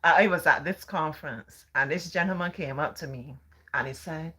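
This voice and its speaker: A woman's voice: sits low, animated, moderate pace, fairly bright tone, slightly rough. A middle-aged woman from Barbados with a Barbadian accent, telling a story in a drawling, sing-song way. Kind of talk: storytelling talk.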